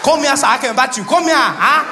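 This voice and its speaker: A man's voice: very high-pitched, expressive, a little fast, crowd noise, background noise, pitched above the performer's own voice. A man doing a buff Nigerian shark. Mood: taunting. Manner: taunting, calling out. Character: buff male shark, loud and menacing.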